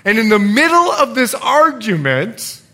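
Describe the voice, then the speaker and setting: Here a middle-aged preacher animates his sermon by moving between loud and hushed passages and impersonating figures from the text. He speaks in a very high voice and takes his time.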